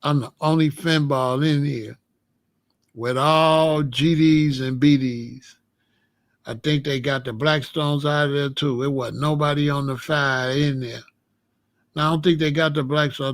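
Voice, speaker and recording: A man hosting his own channel, telling a story in a casual, animated and profane way and laughing as he goes. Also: fairly high pitch, a little slow, dry recording.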